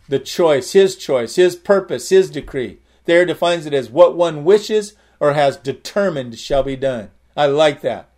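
A man's voice: a little high, a little mellow. A man preaching a sermon, explaining Greek words and repeating key phrases with emphatic rises. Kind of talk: sermon with word study.

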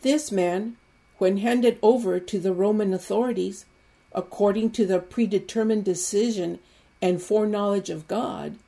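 A woman preaching an Easter sermon with fervent, emphatic repetition that builds to loud exclamations. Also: mid-range voice, vocal fry.

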